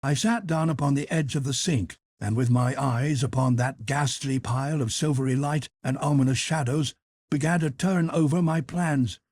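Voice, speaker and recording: In a dry recording, a man reads scripted audiobook narration in a mid-range voice. His storytelling is even and measured.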